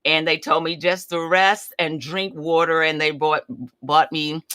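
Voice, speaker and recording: A woman's voice: deep voice, a little slow, smooth, dry recording. A woman in her seventies hosting a casual livestream chat, telling a story candidly and quoting others with animation. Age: 70s. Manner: chatty, candid, retells conversations with animated quoting. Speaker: livestream host.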